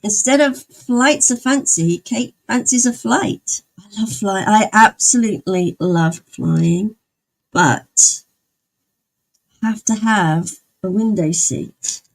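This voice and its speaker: A woman's voice: mid-range voice, slow, gravelly, rough recording. A young woman streamer in casual chat, talking with her viewers and answering their comments as she goes. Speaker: livestreamer.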